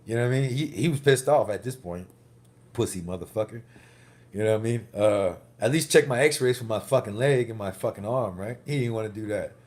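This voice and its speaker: Deep-voiced profane man ranting about a wreck. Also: fairly quick, a little mellow. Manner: rambling, profane, heated storytelling. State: recovering from a car wreck, banged up. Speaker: vlogger. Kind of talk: casual vlog monologue.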